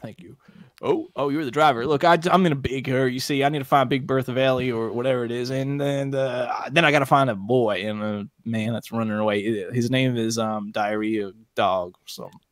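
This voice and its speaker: A man's voice: medium pitch, fairly even intonation, brisk, no room sound, clean studio sound, close to an everyday voice. A man playing a bumbling Wild West outlaw in an improvised comedy podcast, talking in a hesitant, stammering way. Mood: flustered. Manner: hesitant, stammering, bursts of laughter. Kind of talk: improvised comedy role-play.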